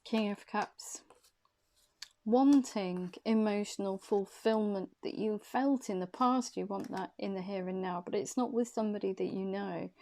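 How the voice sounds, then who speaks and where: A woman reads tarot cards for her viewers with a warm, dark tone. She sounds short of breath and halting, trailing off and repeating her questions softly. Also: mid-range voice. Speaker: tarot reader. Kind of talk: intuitive tarot reading.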